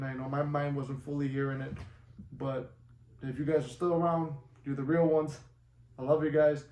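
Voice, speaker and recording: Rambling profane motivational vlogger, echoey room. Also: male voice, fairly high pitch, darkish tone. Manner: rambling, loose and profane, encouraging. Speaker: manifestation vlogger. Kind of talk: casual motivational talk to camera. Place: his apartment. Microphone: no good microphone, voice muffled. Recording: echoey room with faint noise and muffled sound.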